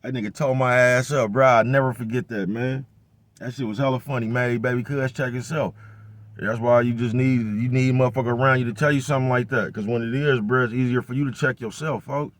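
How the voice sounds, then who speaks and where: A male vlogger rambles through a casual monologue packed with profane street slang, repeating "bruh" and "you know what I'm talking about" constantly. His medium-pitched voice is steady and quick, with no echo.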